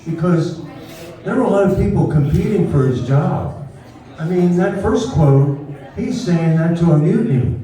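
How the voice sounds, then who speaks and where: A man's voice: a little high, lively intonation, moderate pace, warm tone. A man giving a folksy, informal public talk to an audience at a birthday celebration, now and then leading the crowd to repeat after him. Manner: folksy, leads the crowd in call and response. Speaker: speaker at a historical birthday celebration. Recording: distant, very echoey room.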